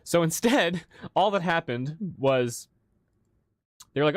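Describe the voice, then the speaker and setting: A man hosting a relaxed livestream, chatting casually as a game master about his campaign, with a self-deprecating, joking manner. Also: on the high side, takes it slowly, no room sound, studio quality. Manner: relaxed and chatty, laughs at himself. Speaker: game master and channel host.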